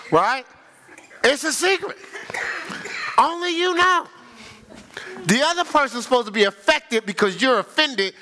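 Older male pastor, humorous sermon delivery, bright lively voice. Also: extremely high pitch, a little hiss or hum. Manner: lively, humorous, laughing with the congregation; acts out voices of people he quotes. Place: church sanctuary.

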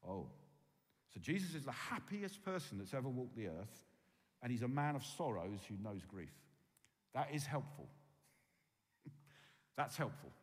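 A man preaching a sermon, swinging from loud emphasis to hushed, quiet tones. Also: medium pitch, sing-song, measured pace, long pauses. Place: church hall with long reverb. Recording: reverberant hall.

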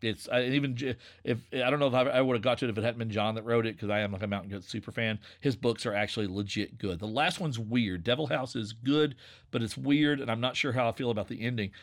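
Gravelly Appalachian man, relaxed and rambling. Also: mid-range voice, quick pace. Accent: Southwest Virginia Appalachian. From Southwest Virginia, USA. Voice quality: slightly nasal. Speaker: podcast creator and narrator. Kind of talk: casual conversation.

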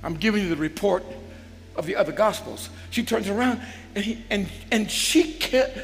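High gravelly preaching man, echoing hall. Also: lively intonation, normal speed. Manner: call-and-response preaching, swells into shouts. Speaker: bishop preaching. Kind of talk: sermon. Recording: long hall reverb with faint music.

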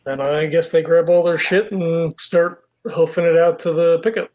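Man, player, fairly high voice, casual, swearing, hesitant. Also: steady tone, moderate pace, a little mellow. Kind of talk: casual tabletop chat.

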